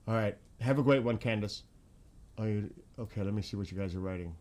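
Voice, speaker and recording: Man, livestream host, casual chat, low voice, excitable exclamations, repeats himself. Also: fairly quick.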